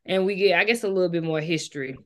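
A woman co-hosting a casual book discussion, lively and chatty, speaking to viewers. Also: lowish voice, fast talker.

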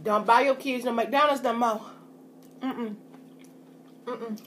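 A woman's voice: on the high side, steady tone, takes it slowly, fairly bright tone, slight background noise. A woman talking casually to her viewers while eating on camera, chatty and folksy, often saying "y'all". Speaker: food vlogger. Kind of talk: casual mukbang chat to camera.

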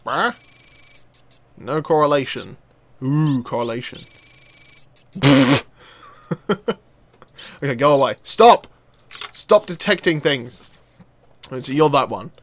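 Excitable man playing a game. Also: mid-range voice, slow, long pauses, slight background noise. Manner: excitable, swears and laughs, talks to game characters. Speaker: gaming channel host. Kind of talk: let's play commentary.

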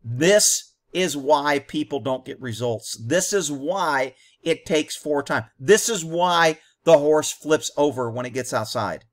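A man's voice: on the high side, lively intonation, takes it slowly, hardly any pauses. A man hosting a commentary on a training video, talking bluntly and combatively in short, punchy explanations.

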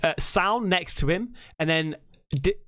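Excitable high-pitched man swearing. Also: measured pace. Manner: excitable, swearing freely, rambling. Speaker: reaction video host. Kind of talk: casual reaction commentary. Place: hot indoor room.

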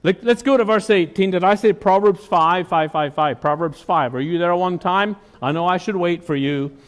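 Male pastor, high voice, emphatic call-and-response sermon, long hall reverb. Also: normal speed. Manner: emphatic preaching, asks the congregation questions.

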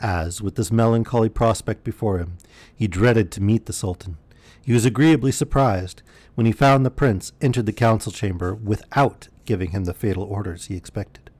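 A man with a lowish voice reads a bedtime story in a calm, measured way. The sound is dry and close to the mic. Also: no echo. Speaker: storyteller streamer.

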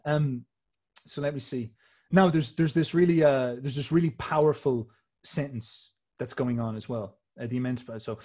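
A man's voice: medium pitch, moderate pace, darkish tone. Rambling, swearing guy explaining ideas. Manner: rambling, swears casually, frequent restarts. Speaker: podcast host. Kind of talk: casual explainer talk.

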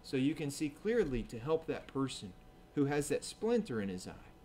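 A man's voice: medium pitch, very animated, normal speed, warm tone, slight background noise. A man preaching a sermon in church, talking conversationally, acting out what people say and checking in with "right?". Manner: conversational preaching, acts out quoted voices, asks "right?".

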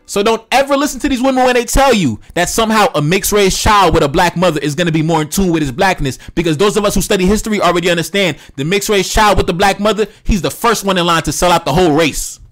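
A man's voice: high voice, fast talker, hardly any pauses, a bit bright, soft background music. A man giving heated opinion commentary, lecturing in a repetitive, profane rant. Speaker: online commentator.

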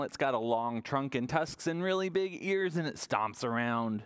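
A man leading a virtual toddler story time as a children's librarian, talking in an animated, sing-song way to small children. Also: mid-range voice, normal speed, clear, resonant tone.

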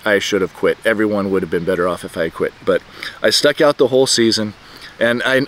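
A middle-aged man casually telling a story about himself outdoors, rambling and halting with many restarts and fillers. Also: mid-range voice, fairly bright tone. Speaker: vlogger telling a personal story. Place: outdoors, birds nearby.

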